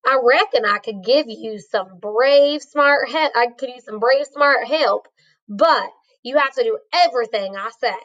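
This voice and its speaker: A woman voicing a calm cowboy in a read-aloud storybook, with an easygoing drawl. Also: on the high side, a little slow, highs cut off. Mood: steady. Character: calm old-west cowboy man.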